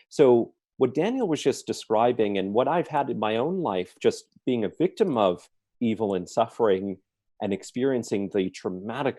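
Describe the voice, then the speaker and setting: A man's voice: fairly low pitch, mellow, no echo. A man answering questions at a forum, telling a story earnestly with emphatic stresses.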